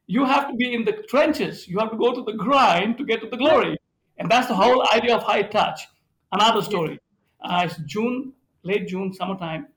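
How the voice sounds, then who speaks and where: Hotelier guy as guest storyteller, high voice with a gravelly edge, animated delivery. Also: rough recording. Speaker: hotel managing director, guest. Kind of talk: storytelling in a podcast conversation.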